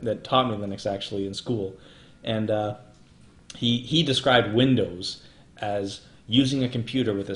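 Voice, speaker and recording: A young man co-hosting a casual livestream chat, ranting and swearing as he mocks software prompts. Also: mid-range voice. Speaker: co-host. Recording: roomy echo.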